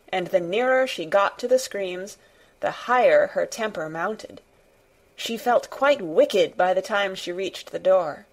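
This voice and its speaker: A woman narrating a classic children's storybook in a measured, deliberate way. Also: mid-range voice. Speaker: reader. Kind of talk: audiobook narration.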